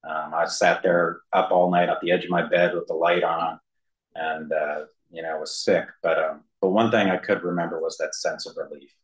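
A man giving a personal testimony to a room and a video call, halting, with many fillers and self-deprecating humor. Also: low-pitched, fairly even intonation, low-quality recording. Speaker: speaker sharing his recovery story. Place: room with an audience, also streamed to a video call.

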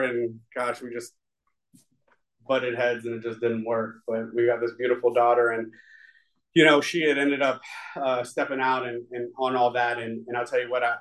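A man's voice: medium pitch, a bit bright, rough recording. A man giving a personal testimony at a recovery meeting, talking in an earnest, confessional and rambling way with many fillers. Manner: rambling and conversational, full of fillers.

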